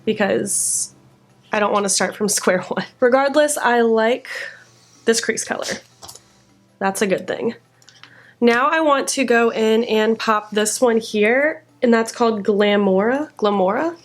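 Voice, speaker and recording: A young woman chatting through a makeup tutorial, self-critical and easily frustrated. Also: a little high. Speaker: beauty vlogger.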